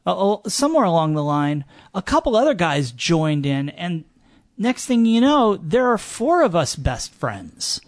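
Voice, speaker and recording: Talkative man with a bright, dry voice. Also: high-pitched, very animated, unhurried, no echo. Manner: rambling storyteller, fillers and restarts. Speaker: guest, gondola company owner. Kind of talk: casual podcast chat.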